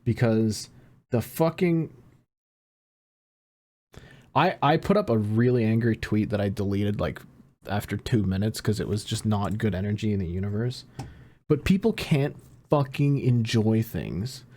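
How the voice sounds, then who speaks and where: A man co-hosting a podcast in casual chat, ranting and swearing with lively energy. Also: lowish voice, unhurried, pauses often. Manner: ranting, profane, animated. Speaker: podcast co-host.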